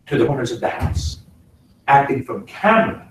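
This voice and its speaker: A man's voice: mid-range voice, normal speed, recorded from a distance. Middle-aged man lecturing in an echoey room. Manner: animated, demonstrative, swings between loud and soft to illustrate points. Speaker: guest actor speaking to a class. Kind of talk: casual lecture. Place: classroom.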